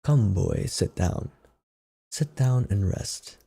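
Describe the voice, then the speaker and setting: A man voicing a gentle, giving female tree in a soft, hushed, sorrowful way. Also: fairly low pitch, lively intonation, slow pace, creaky, slightly rough, full character voice. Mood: tender.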